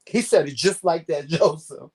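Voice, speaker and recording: A man co-hosting a talk show, chatting casually with slangy, expressive speech and frequent laughs. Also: fairly high pitch, moderate pace, husky. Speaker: co-host. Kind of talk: casual chat.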